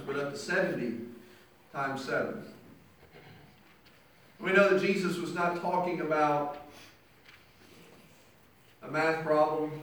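A man's voice: on the high side, a bit bright. A male pastor delivering a sermon with emphatic preaching, acting out the people he quotes. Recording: very echoey church hall, mic from far off.

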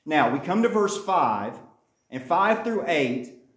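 A man's voice: a little high, big pitch swings, takes it slowly, a bit bright, reverberant. A man teaching a Bible study, reading scripture aloud and then explaining it, repeating his key points.

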